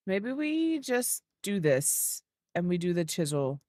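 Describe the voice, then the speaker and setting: A woman's voice: lowish voice, very animated, takes it slowly, mellow, no room sound, studio quality. A woman giving casual gameplay commentary, thinking aloud as she builds and cooing baby talk at an animal. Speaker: gaming video creator.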